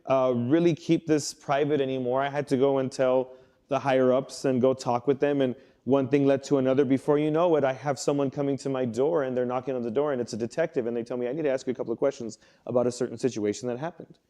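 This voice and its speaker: A young man speaks to a youth group in a low, mellow voice at an everyday pitch. He tells a personal story in a loose, earnest way, restarting his sentences and acting out what people said to him. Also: steady tone, fast. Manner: conversational, earnest, with many restarts and quoted inner thoughts. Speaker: youth pastor.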